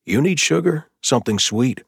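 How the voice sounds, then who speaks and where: A man voicing a caring, plainspoken older brother who talks in an easygoing, steady way. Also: mid-range voice, normal speed, gravelly, slightly rough, no echo, studio quality, pitched above the performer's own voice, exaggerated voice.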